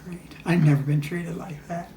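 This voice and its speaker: A man's voice: fairly high pitch, fairly even intonation, moderate pace, mellow, slight background noise. An older man casually recounting travel memories, rambling with frequent restarts and chuckles. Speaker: storyteller. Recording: echoey room.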